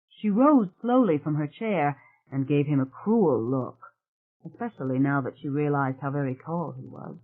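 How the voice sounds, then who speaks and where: The recording is tinny, as if heard through a phone, carrying a medium-pitched narrator. They read a thriller audiobook in an even, measured way.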